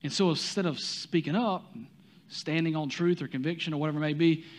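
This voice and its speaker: Man, Southern US accent, pastor, conversational sermon, rhetorical questions, somewhat high voice. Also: fairly quick.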